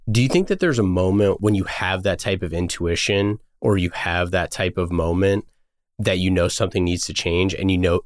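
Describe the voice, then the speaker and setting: A man with a very low voice hosts a podcast and asks long questions in a loose, rambling way. The recording is dry and close. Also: dry recording. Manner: casual, rambling questions with fillers like "like". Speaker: podcast host. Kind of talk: conversational interview questions.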